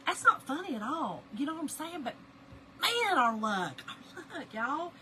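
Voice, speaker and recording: A woman's voice: sits high, sing-song, a little slow, background noise. A middle-aged woman, chatting and laughing with viewers as she crafts on a livestream. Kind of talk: casual chat while crafting live.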